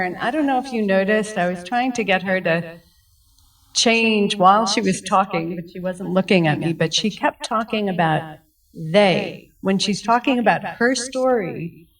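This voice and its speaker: A middle-aged woman speaks slowly and reflectively about her family. Her voice sits at a middle pitch and comes from well away from the mic. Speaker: survivor's daughter. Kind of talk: personal account to students. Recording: distant mic.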